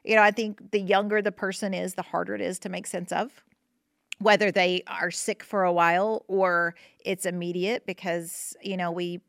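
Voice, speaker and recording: Woman podcaster talking softly about grief, lots of um and you know, dry close sound. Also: lowish voice, no room sound. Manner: gentle, reassuring, many fillers and restarts. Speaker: podcast host. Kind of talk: casual monologue on grief.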